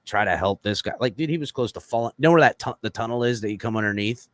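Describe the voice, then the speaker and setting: Animated, profane male storyteller. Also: fairly low pitch, fast talker. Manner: acts out quoted lines in raised voice. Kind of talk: casual podcast chat.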